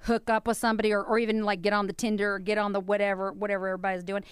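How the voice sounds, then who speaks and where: A woman hosting a radio show in bubbly, animated, joking casual chat. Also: medium pitch, very fast, clear, resonant tone, dry recording. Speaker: radio host.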